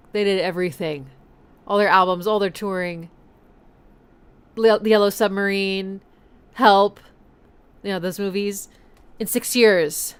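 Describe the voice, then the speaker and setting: Woman, stream host, low-pitched, smooth clear voice, casual music commentary, rambling with fillers, scats rhythms. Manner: musically analytical, rambling with many fillers and self-corrections; hums and scats rhythms to illustrate. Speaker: streamer hosting a music listening party.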